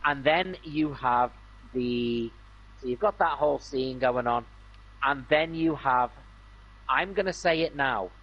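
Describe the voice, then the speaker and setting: A man's voice: mid-range voice, a little slow, lo-fi sound. A man streaming a game, chatting casually and enthusiastically with plenty of fillers and restarts. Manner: rambling, enthusiastic, many fillers. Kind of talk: casual gaming stream chat.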